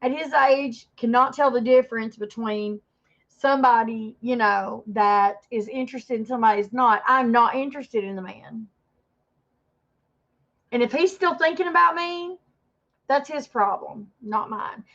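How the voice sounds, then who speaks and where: A woman's voice: fairly high pitch, unhurried, a bit bright. A woman in her fifties ranting defensively and rambling on a casual livestream, turning aside to greet viewers in the chat. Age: 50s. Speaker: livestream host. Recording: dull lo-fi stream audio.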